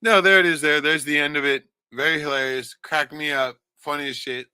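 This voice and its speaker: A man's voice: a little high, steady tone, a little fast, bright, forceful tone, smooth, no echo. A man on a casual podcast, rambling and swearing a lot, often tagging lines with "right?". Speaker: podcast co-host. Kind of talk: casual profane chat.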